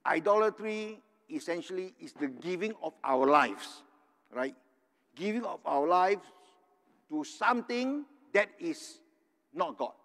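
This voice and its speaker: A man's voice: on the high side, a bit bright. An older man from Singapore preaching a sermon, earnest and tagging his points with "right?". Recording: long hall reverb.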